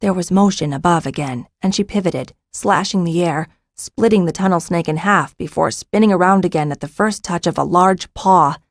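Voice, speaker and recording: Woman narrating a fantasy book, lowish voice, dry close sound. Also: normal speed, few pauses, no echo. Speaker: audiobook narrator. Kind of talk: scripted narration.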